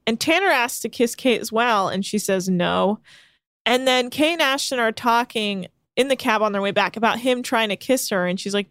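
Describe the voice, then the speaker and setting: A woman's voice: medium pitch, normal speed, clear, resonant tone, no room sound, studio quality. A young woman co-hosting a casual podcast, animatedly retelling a reality show and acting out the people in it. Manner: animated storytelling with quoted voices. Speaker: podcast co-host recapping a show. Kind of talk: casual chat.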